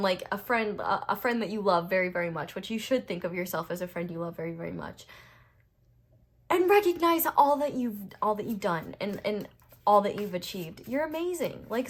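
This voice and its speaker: Bright, blunt young woman reading tarot. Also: mid-range voice. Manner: blunt, passionate, fired up, lots of "like". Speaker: tarot reader. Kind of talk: casual spoken tarot reading.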